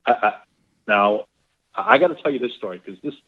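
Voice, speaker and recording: A man on a podcast, a golf professional, telling long stories in a rambling, animated way full of fillers. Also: fairly low pitch, brisk. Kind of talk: casual storytelling interview. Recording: phone-line quality.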